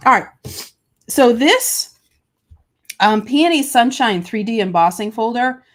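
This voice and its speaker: A woman's voice: fairly high pitch, expressive, slow pace. A woman hosting a live crafting tutorial, chatty and gushing, talking to her chat between coughs from a summer cold. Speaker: host of a live papercraft show.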